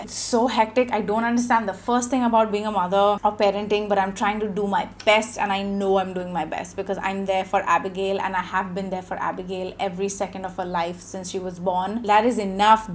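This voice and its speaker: A woman's voice: mid-range voice, a little hiss or hum. A young woman chatting candidly and sassily while doing her makeup. She vents about motherhood between product steps. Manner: candid, sassy, venting, mixes in Hindi words. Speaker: beauty vlogger. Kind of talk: casual chatty makeup tutorial.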